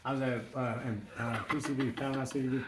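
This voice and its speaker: A man's voice: medium pitch, flat delivery, quick pace, roomy sound, a little hiss or hum. A man on a podcast, rambling in profane, slangy casual chat.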